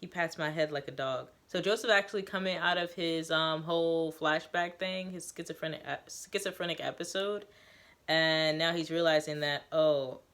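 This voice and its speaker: Woman, author reading her own novel aloud, steady storytelling with casual recaps. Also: low-pitched, normal speed. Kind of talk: dramatic reading with casual asides.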